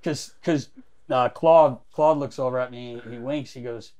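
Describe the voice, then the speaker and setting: A man's voice: mid-range voice, fairly even intonation, unhurried, a loud crowd. Man telling stories with lots of quotes. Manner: acts out other people's lines in quotes. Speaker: podcast co-host. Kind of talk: animated storytelling.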